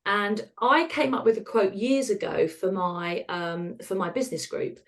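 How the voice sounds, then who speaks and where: A woman, a podcast guest talking frankly about hard times, laughing at the dark parts. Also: medium pitch, lively intonation, moderate pace. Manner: frank and self-deprecating, laughs at dark moments. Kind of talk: candid conversational storytelling.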